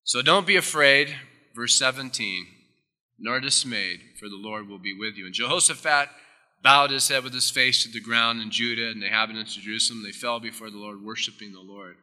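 A male pastor delivers a sermon in a sharp, very bright voice. He swings between loud, emphatic declarations and quiet, intimate asides, and his words trail off into the long reverb of a big hall. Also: medium pitch, a little fast. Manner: emphatic, with sudden drops into soft, intimate asides.

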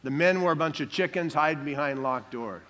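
Guy preaching easter sermon, bright forceful voice, a bit high, goes quiet and slow on the heavy parts. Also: slight background noise. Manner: emphatic preaching, calls for amens, drops soft on solemn lines. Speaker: pastor.

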